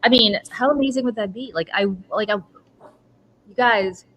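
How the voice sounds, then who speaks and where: Middle-aged woman telling an animated story. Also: on the high side, measured pace, slight background noise, rough recording. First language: Russian. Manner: animated storyteller, acts out her own reactions. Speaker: podcast host. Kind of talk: casual chat. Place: home.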